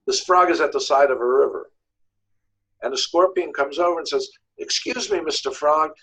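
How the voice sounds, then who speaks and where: A man with a New York accent, a divorce lawyer being interviewed, telling stories in a lively way and acting out voices, often repeating words as he searches. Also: fairly high pitch, brisk, low-quality recording. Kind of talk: animated storytelling interview.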